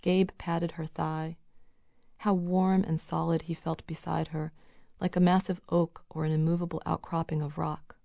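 A woman narrating a novel in a measured, even reading. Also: low voice, creaky, no room sound, clean studio sound. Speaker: audiobook narrator.

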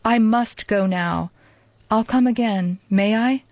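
A woman voicing a timid, remorseful young woman who speaks softly and kindly, in a storybook reading. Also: a little high, slow, no room sound. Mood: anxious. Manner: soft, kindly, hasty when pressed. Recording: dull lo-fi dry recording.

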